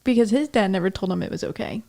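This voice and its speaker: A woman of middle pitch hosts a podcast. She keeps a casual, encouraging flow of talk, often backing up her guest with soft agreement. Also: quick pace, vocal fry. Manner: warm, affirming, frequent murmured agreement. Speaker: podcast host. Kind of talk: casual conversation.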